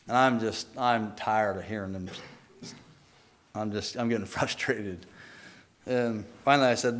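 A man telling his personal faith testimony in an earnest, halting way, often restarting his sentences. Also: lowish voice, fairly even intonation, fairly bright tone.

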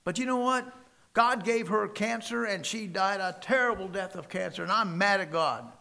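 A man voicing an angry, grieving man who shouts at God, with loud and anguished outbursts. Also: high voice, normal speed, creaky, voice pushed up, heavily acted. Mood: bitter.

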